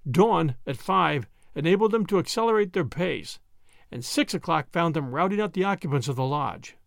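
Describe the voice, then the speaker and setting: A man reading a short story aloud, with dramatic narration and lively character voices. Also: a little high, moderate pace, vocal fry, no room sound, studio quality.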